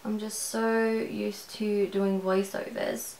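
A woman's voice: medium pitch, little pitch movement, slow, a little mellow, echoey room, a little hiss or hum, low-quality recording. A woman with an Australian accent talking through a makeup tutorial in a rambling, conversational way, at home. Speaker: beauty vlogger.

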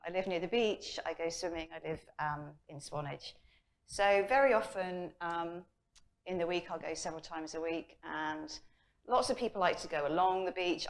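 A middle-aged woman from England, a personal development coach, speaking at a conference and telling stories with lively acted-out inner voices. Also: on the low side. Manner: lively storytelling, acts out her inner voice. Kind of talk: conference talk. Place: conference hall.

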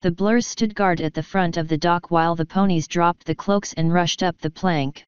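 A woman's voice: lowish voice, steady tone, moderate pace, smooth, no echo. A woman steadily reading a first-person fan story aloud. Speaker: fanfiction reader. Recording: slightly muffled recording.

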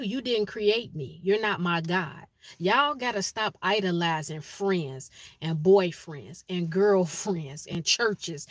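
A woman's voice: mid-range voice, bright, forceful tone, no room sound, clean studio sound. A woman, giving a blunt, preachy monologue in casual vlog style and hammering home her points with repeated phrases. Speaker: spiritual vlogger.

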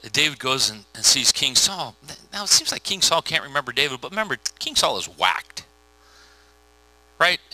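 A middle-aged pastor with a fairly high voice and a very bright, forceful edge. He tells the story in an animated, slangy way, putting on quick voices for each character. The sound is close and dry. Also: no echo, rough recording. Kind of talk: casual conversational sermon.

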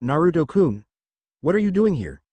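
A man's voice: fairly high pitch, very animated, moderate pace, mellow, breathy edge, no room sound, pitched above the performer's own voice. Man putting on a bubbly young princess girl. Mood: cheerful. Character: cheerful inventive alien princess girl.

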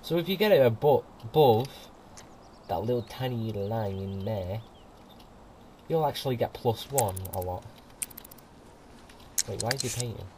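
A man's voice: medium pitch, lively intonation, unhurried, long pauses, a little hiss or hum. A man giving casual, rambling commentary over gameplay, chatting away and laughing often. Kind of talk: casual let's-play commentary. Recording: quiet home mic with music behind.

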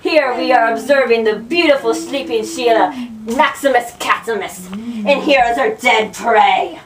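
Cheery outback wildlife presenter, done by a young woman, mock drawl, slow, roomy home video. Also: a little high, crowd noise, natural voice. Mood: chirpy. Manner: mock Australian drawl with stock slang. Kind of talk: homemade comedy skit. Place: bedroom at a sleepover. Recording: echoey room, distant camera mic, noisy.

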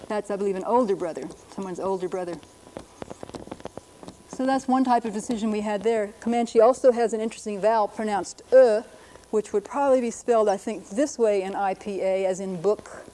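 A woman's voice: mid-range voice, brisk, warm tone, slight background noise. A middle-aged woman linguist giving a patient, lightly humorous lecture on writing systems. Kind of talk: classroom-style lecture.

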